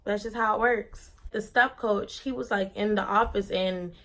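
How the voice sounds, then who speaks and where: A woman's voice: mid-range voice, steady tone, moderate pace, fairly bright tone. A young woman vlogger telling a personal story in a casual, dramatic, slangy way.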